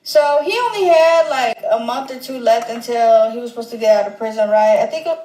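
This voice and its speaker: A woman with a fairly high voice tells a story casually, rambling and slangy, correcting herself as she goes. The sound is roomy and echoey. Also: animated, brisk, mellow. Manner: rambling, slangy, frequent fillers and self-corrections. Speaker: storyteller in a clip. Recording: roomy echo.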